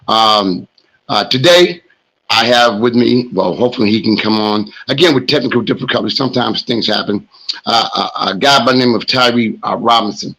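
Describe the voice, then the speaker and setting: A middle-aged man hosting a sports show, hoarse and telling rambling stories in a casual monologue. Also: on the low side, normal speed, a bit bright, rough recording. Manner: rambling storyteller, talks smack.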